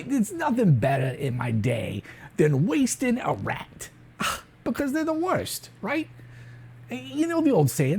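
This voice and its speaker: A woman's voice: fairly low pitch, gravelly, a little mellow, slightly rough, pitched above the performer's own voice, heavily acted. A woman voicing a callous street hitman who tells a killing story in a rambling, chatty improvised comic monologue. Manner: rambling, chatty, full of fillers and asides.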